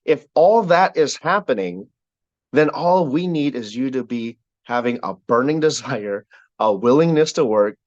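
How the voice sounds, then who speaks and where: A man leading a sales team call, giving an energetic motivational talk with a repetitive, preacher-like cadence. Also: medium pitch, measured pace, dry recording, dull audio.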